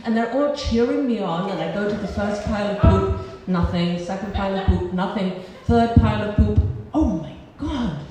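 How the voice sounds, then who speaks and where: A woman telling a comic, animated personal story live on stage before an audience. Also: mid-range voice, brisk, few pauses, faint music behind. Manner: animated, comic, laughing at her own story. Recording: roomy hall from a distance.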